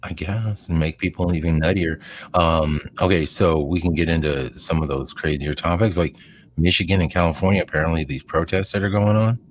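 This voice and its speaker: A middle-aged man co-hosting a casual podcast chat, talking in a rambling, animated way with lots of fillers. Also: low voice, brisk. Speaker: podcast co-host.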